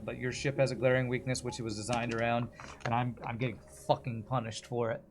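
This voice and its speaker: A man's voice: medium pitch, flat delivery, quick pace, a little hiss or hum. A man streaming a video game, commenting live in a frustrated, swearing rant while apologizing to the ship's designer.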